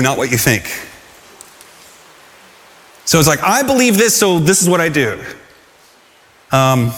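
A man preaching a sermon, telling stories with animated energy and asking the congregation rhetorical questions. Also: a little high, long reverb tail. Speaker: pastor.

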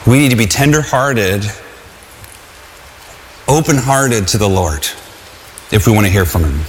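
A man's voice: lowish voice, animated, a little slow, a little hiss or hum. A man preaching a sermon, earnest, repeating phrases and asking the congregation to say lines back with him. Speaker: pastor. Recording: long hall reverb.

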